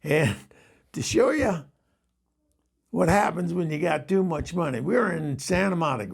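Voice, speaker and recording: An older man spins a long, rambling story, chuckling as he goes and speaking straight to his listeners. His voice is heavily gravelly and husky. It sits a touch higher than most men's. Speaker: storyteller host. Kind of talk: comic anecdote telling.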